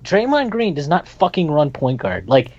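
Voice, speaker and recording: A man's voice: on the high side, wildly swooping pitch, moderate pace, crowd noise. A man co-hosting a casual sports talk show, blunt and emphatic, getting fired up as he argues. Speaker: podcast co-host. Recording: dull lo-fi sound.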